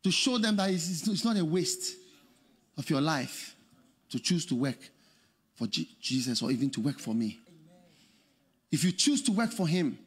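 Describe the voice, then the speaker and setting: Animated man preaching. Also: a little high, normal speed, pauses often, breathy edge, big-room sound. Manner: animated preaching, shouting and laughing. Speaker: pastor. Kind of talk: sermon.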